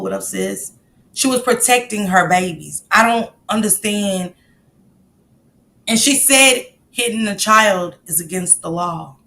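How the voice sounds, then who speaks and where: A woman's voice: mid-range voice, vocal fry, sharp tone. A woman hosting a live stream, talking emotionally to her viewers and greeting them by name as she comments.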